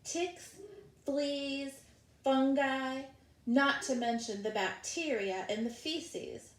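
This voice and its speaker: A woman's voice: high voice, slow pace, reverberant, voice pushed up. A woman voicing a stern, fussy female health inspector who speaks in clipped, dismissive phrases in an audiobook. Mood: officious. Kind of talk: audiobook character voice.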